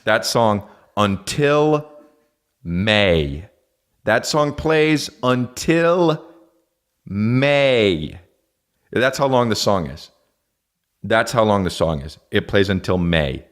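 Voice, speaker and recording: A man's voice: lowish voice, animated, extremely slow, long pauses. A man hosting a comedy podcast, ranting in exasperated, profane bursts and slipping into mock voices. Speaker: podcast host. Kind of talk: comedic rant.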